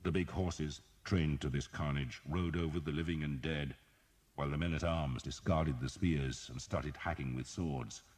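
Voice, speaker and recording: Very deep-voiced male audiobook narrator. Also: fairly even intonation, normal speed, a little mellow. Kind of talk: scripted narration.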